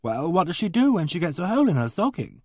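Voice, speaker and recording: A man's voice: sits high, very animated, fast talker, breathy edge, no room sound, pitched above the performer's own voice, heavily acted. A man reading aloud and voicing a sullen, awkward teenage girl who talks bluntly and gloomily. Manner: blunt, gloomy, bursts into bitter outbursts.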